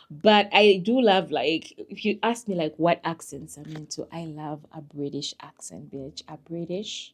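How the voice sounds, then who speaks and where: Speaking with a deep, husky voice at a normal pace with few pauses, a young woman vlogs a casual life update straight to camera. She talks frankly, laughs a lot, and swings between murmurs and squeals.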